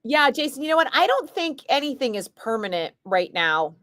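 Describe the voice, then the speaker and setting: A woman's voice: sits high, very animated, moderate pace, fairly bright tone, no room sound, clean studio sound. A middle-aged woman, a radio DJ, chatting casually and bluntly with her stream viewers and answering their comments. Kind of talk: casual livestream chat.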